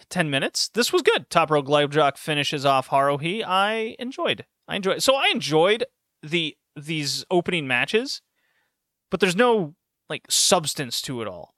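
Male host, casual chat, slightly high voice, quick to laugh, tangents. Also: no room sound, studio quality. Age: adult with a university degree. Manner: animated, laughs often, rambling asides. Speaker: podcast host reviewing wrestling shows.

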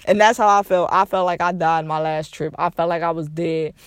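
Young male podcast host with a high, dry-sounding voice; casual motivational talk, hammers points by repeating them. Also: fairly even intonation, a little fast, clear, resonant tone, no room sound. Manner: repeats phrases for emphasis, swears casually.

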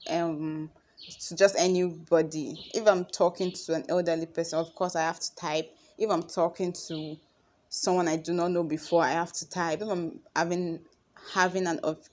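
A young woman with a Nigerian accent, talking casually to her followers in a chatty, expressive way. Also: on the low side. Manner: chatty and expressive, acts out conversations. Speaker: vlogger.

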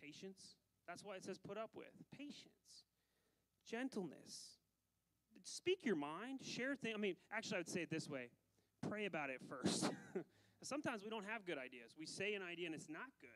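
A pastor preaches an animated sermon, swinging between loud emphasis and quiet asides and laughing often between phrases. His voice is high and fairly quick, on a low-quality recording.

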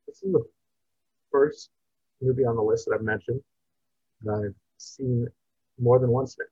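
A man's voice: mid-range voice, dark tone, slightly rough, no echo. A man co-hosting a casual movie review podcast, rambling with restarts. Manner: rambling, restarts, drops into a mumble at ends. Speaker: podcast co-host. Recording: dull, dry podcast mic.

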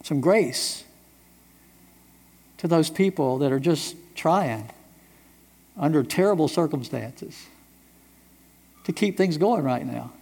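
A man's voice: a little high, animated, takes it slowly, long pauses, darkish tone, husky. A middle-aged man from the United States preaching a sermon as pastor, emphatic, with repeated rhetorical questions. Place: church sanctuary. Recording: long reverb of a large church hall.

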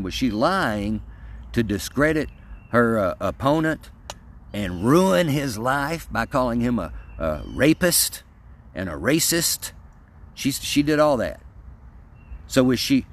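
Folksy man ranting with lively pitch. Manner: folksy and emphatic, rambling with restarts. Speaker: political commentator. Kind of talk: casual opinion rant.

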